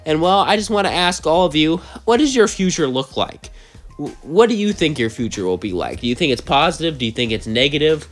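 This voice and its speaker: A man's voice: on the high side, big pitch swings, a little fast, soft background music. A young man with a cold, narrating a fan story and chatting to viewers in a rambling, heartfelt way. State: sick with a cold, coughing. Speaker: channel host, storyteller.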